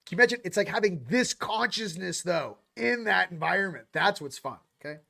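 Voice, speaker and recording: A man's voice: sits high, big pitch swings, quick pace, creaky, hardly any pauses, fairly bright tone. A young man hosting a casual spiritual livestream monologue, loose and slangy, rambling with quoted asides. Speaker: spiritual channel host.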